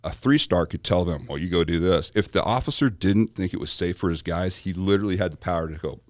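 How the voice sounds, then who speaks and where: A man with a very low, deep voice tells a long story as a podcast guest. He is animated and acts out the voices of people in his story. The sound is dry and close. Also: fast talker, no room sound. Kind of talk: storytelling in conversation.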